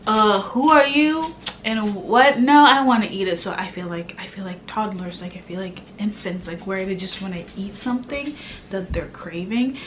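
A pregnant woman from Kenya vlogging in a chatty, animated way, now and then dropping to a hushed murmur. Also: mid-range voice, normal speed, a little hiss or hum. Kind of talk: casual chat to camera.

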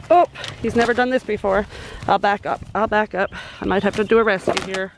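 A woman with a stuffy voice from a cold chats casually while doing her outdoor farm chores, and now and then turns to coo at her animals. Her voice sits at a medium pitch for a woman. Faint clucking farm birds can be heard in the background. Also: steady tone, moderate pace, a little hiss or hum. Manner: chatty, talks warmly to her animals. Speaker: homesteader vlogger. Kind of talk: casual vlog chat.

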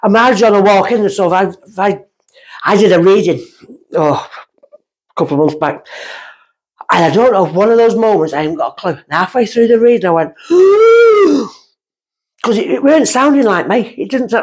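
A middle-aged woman, a guest medium telling stories in casual chat, animated and acting out voices as she goes. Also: medium pitch, brisk, breathy edge.

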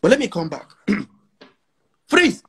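A man's voice: high voice, sing-song, slow pace, gravelly, a bit bright, husky. A man around forty with a Nigerian Pidgin English accent, a musician talking brashly and emphatically in a casual interview, repeating lines for effect. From Nigeria, Igbo. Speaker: musician guest.

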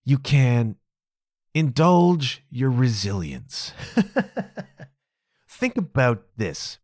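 A man's voice: mid-range voice, sing-song, very slow, a little mellow, no echo, studio quality. A man hosting a podcast, musing aloud in a casual, conversational monologue and laughing often. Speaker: podcast host.

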